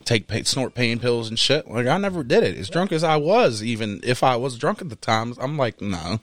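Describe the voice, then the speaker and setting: A man's voice: mid-range voice, moderate pace, no room sound. A man in casual podcast chat, telling a story with lots of swearing and laughter. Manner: animated storyteller, swears freely, laughs often. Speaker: podcast co-host.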